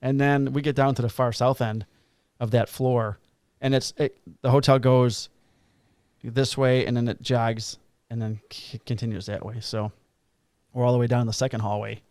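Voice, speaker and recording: A middle-aged man, a police officer, tells a long work anecdote in a loose, rambling way with plenty of swearing. His voice sits at an ordinary pitch and sounds dry and close, with no room around it. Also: flat delivery, normal speed, a little mellow, no echo. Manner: rambling, profane anecdote telling. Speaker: podcast co-host, police officer. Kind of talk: casual storytelling chat.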